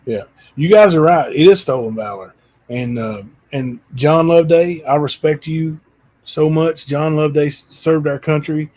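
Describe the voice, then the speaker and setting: A man's voice: on the high side, moderate pace, darkish tone. A man hosting his own livestream channel, chatting loosely with frequent fillers. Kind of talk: casual chat.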